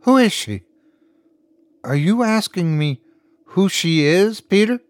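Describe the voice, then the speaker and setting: A man's voice: high voice, animated, takes it slowly, no echo, pitched above the performer's own voice. A man voicing a desperate, furious wife who pleads and then turns venomous. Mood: accusing.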